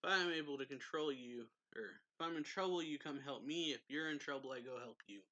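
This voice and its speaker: A man's voice: medium pitch, fairly quick, pushed and bright, highs cut off, close to an everyday voice. A man reading a brash young hero. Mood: pushy. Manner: pushy, insistent.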